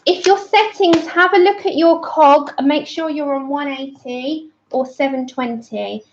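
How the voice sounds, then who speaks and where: A high-pitched woman chats from home as she hosts a live colouring stream. She laughs easily, apologises, and greets viewers by name, a little out of breath. The audio is dull and lo-fi. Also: measured pace. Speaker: livestream colouring host. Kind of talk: casual live-stream chat.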